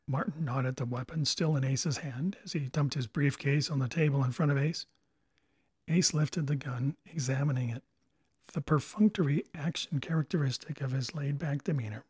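A man narrating a novel as an audiobook in a steady storytelling manner, recorded on a close microphone. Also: medium pitch, normal speed, slightly rough, dry recording.

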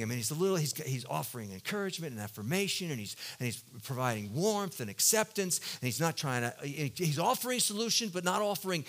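A man preaching a sermon as a pastor, telling a personal story in an earnest, confessional way and swinging between loud emphatic bursts and soft low passages.

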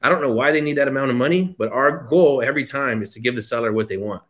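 Fast-talking man telling a story. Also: medium pitch. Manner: animated, acts out dialogue. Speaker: podcast host, land investor. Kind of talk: casual storytelling.

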